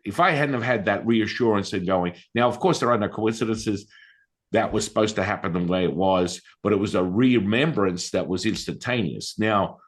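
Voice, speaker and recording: A man's voice: on the low side, normal speed. A man, a guest on a podcast, telling a story in a casual, emphatic way and acting out the voices of the people in it. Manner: animated, acts out quoted voices; conversational, emphatic. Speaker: podcast guest, Taoist master and healer.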